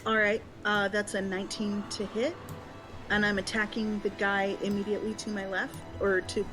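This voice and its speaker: A woman's voice: medium pitch, flat delivery, moderate pace, music in the background, rough recording. A woman playing a tabletop game, talking casually and a little hesitantly, checking the rules with questions as she goes. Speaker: player.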